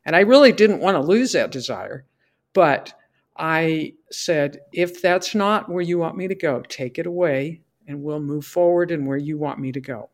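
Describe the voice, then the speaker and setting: A woman's voice: low voice, lively intonation, normal speed. A middle-aged woman, a podcast guest, giving an earnest faith testimony and acting out her prayers as she tells it. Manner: earnest storyteller who acts out her prayers and dialogue.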